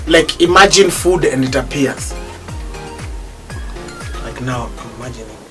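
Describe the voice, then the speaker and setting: A gospel singer from East Africa, a man, telling stories animatedly in an interview, bursting into loud exclaims when excited. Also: mid-range voice, measured pace, over music.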